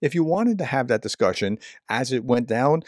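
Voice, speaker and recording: A man commenting on news clips, who breaks in with startled reactions and then reads statements aloud in a calm, steady voice. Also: medium pitch, normal speed, no room sound, clean studio sound. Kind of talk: casual commentary.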